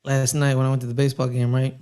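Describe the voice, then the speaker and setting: A man's voice: mid-range voice, monotone, very fast, dark tone, clean tone. Rambling man telling a story. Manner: rambling storyteller, many restarts, puts on voices in anecdotes. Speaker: co-host. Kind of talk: casual chat during a watchalong.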